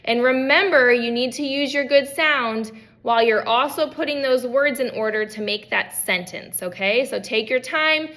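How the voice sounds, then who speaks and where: A little high-pitched, with a pushed, bright quality, a young adult speech language pathologist runs an at-home lesson. She carefully models words for the children, slowly and clearly.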